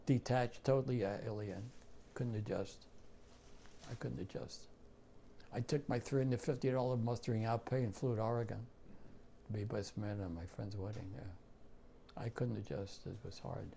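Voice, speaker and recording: An older man with a New York accent, a war veteran recounting memories in an interview, halting and repeating himself. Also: fairly low pitch, steady tone, vocal fry, warm tone, a little hiss or hum. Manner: halting, repeats phrases, many fillers.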